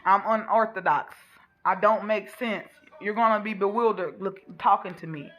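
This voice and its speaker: A woman's voice: mid-range voice, moderate pace, highs cut off, soft background music. A woman from Texas in her thirties, venting in a blunt, profane, emphatic unscripted rant. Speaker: vlogger venting on camera.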